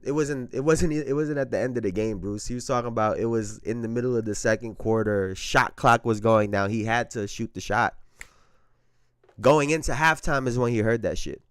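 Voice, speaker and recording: A man in the host seat of a sports talk show, chatting loosely in street slang and circling back over his own phrases. His voice sits in an ordinary middle pitch. The recording is close and dry, with no room sound around him. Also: fairly bright tone, no echo. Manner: conversational, slangy, repeats phrases. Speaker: podcast host.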